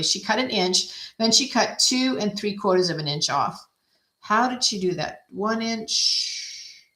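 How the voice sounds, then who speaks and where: In an echoey room with a little hiss or hum, a woman with a lowish voice and sharp tone hosts a relaxed card-making demo. She chats, pokes fun at herself and thinks aloud while she works.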